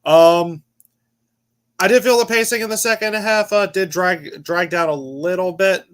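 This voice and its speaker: A man's voice: high voice, unhurried, fairly bright tone. Tired, rambling young man reviewing a film. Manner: rambling, restarting sentences. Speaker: movie reviewer on a panel. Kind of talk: casual chat.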